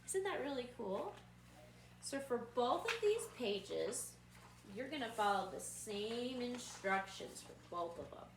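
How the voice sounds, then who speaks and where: Woman, preschool teacher, slow encouraging instructions, roomy echo, distant mic. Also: fairly high pitch, sing-song, background noise. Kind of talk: craft lesson for young children.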